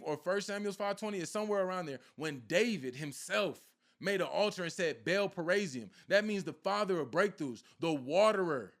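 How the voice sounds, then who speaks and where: A spiritual content creator speaks to his viewers in a high, fairly bright male voice. His talk is casual but preachy, and he keeps repeating himself to drive his point home.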